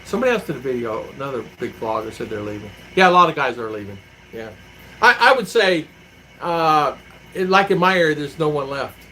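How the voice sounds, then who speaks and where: Bright-sounding guy rambling on his phone livestream, acts out what people said, some faint room noise. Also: a little high, very animated, fairly quick, rough recording. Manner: rambling storyteller who acts out quotes. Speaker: vlogger living abroad, reading live chat. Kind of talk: casual livestream chat.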